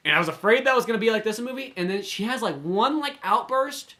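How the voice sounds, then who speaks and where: A man's voice: very high-pitched, expressive, fast, pushed and bright. A man co-hosting a podcast, reviewing films in casual chat, rambling and swearing a lot with loads of "like". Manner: rambling and profane, heavy use of "like". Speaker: podcast co-host.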